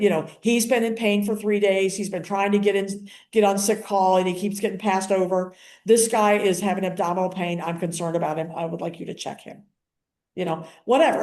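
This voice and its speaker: A woman's voice: medium pitch, darkish tone, reverberant. An older woman giving a casual spoken training, chatty and acting out the conversations she describes. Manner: chatty, acts out quoted conversations. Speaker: activist and paralegal giving a training.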